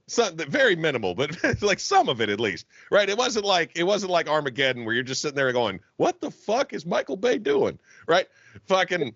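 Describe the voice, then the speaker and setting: A young man co-hosting a comedy podcast, telling a long profane bit in a rambling, animated way. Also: a little high, no echo, muffled recording. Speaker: podcast co-host. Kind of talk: casual comedic chat.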